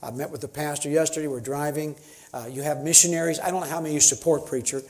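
In a church sanctuary, a man in his fifties, a missionary, delivers a sermon that moves from folksy, conversational talk into emphatic preaching. He speaks fast, with a fairly high, slightly mellow voice and fairly even intonation.

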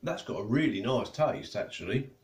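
A man's voice: medium pitch, animated, moderate pace, darkish tone. A man chatting casually as he reviews food, tasting and eating while he talks. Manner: chatty, tastes and eats while talking. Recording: echoey room.

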